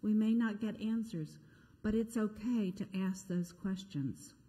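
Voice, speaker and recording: Woman pastor, chatty sermon storyteller, darker lowish voice, church reverb. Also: unhurried, dark tone. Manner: conversational, self-deprecating storytelling. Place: church sanctuary. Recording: echoey church sanctuary.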